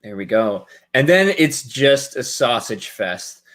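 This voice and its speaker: A man's voice: mid-range voice, big pitch swings, slow pace, a bit bright. A man with an ordinary mid-range voice hosts a casual live stream. He sounds upbeat and pads his thanks with ums and uhs. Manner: upbeat, thanking donors with fillers. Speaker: stream host.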